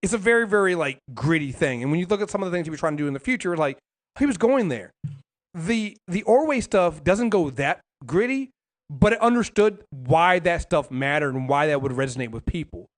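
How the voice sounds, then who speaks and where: A man with a slightly high voice talks through a casual podcast chat. He rambles and restarts his sentences often, and he swears freely as he goes. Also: lively intonation, a little fast. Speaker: podcast co-host.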